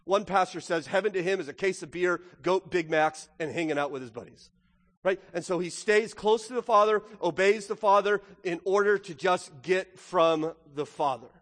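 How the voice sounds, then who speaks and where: High-voiced animated male preacher in echoing hall. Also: brisk. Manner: animated, swings from loud to hushed, acts out quotes. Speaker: pastor. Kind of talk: sermon. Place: church sanctuary. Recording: long hall reverb.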